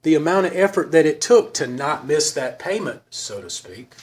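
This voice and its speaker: Halting, earnest man sharing at a meeting. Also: on the high side, sing-song, a little hiss or hum. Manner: halting, earnest, searching for words. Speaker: speaker at a recovery meeting. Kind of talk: personal recovery talk to a group.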